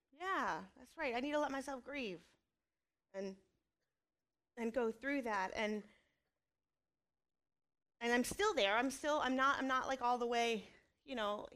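A woman in her thirties, speaking as a mother, gives a candid, earnest testimony about her faith and family, with some self-mocking asides. Her voice is somewhat high with a fairly bright tone.

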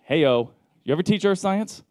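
A man preaching a casual sermon, telling stories in a joking, conversational way with lively asides. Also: high-pitched, moderate pace, no echo, studio quality. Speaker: pastor.

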